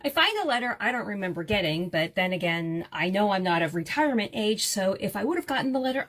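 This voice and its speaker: A woman in her fifties telling a long personal story to the camera in a chatty, animated way. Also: a little high, slight background noise. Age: 50s. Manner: animated, chatty storyteller who acts out quoted voices.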